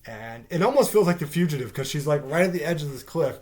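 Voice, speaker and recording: A man's voice: on the high side, lively intonation, fast, a little mellow. Rambling, sarcastic man reviewing a show. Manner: rambling, profane, sarcastic, with many fillers. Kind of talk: casual spoken episode review.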